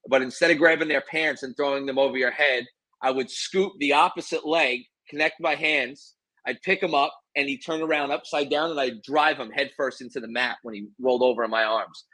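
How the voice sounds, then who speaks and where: A former pro wrestler telling stories in a relaxed interview, animated and boastful. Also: male voice, medium pitch, a little fast, no room sound, rough recording. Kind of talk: casual interview storytelling.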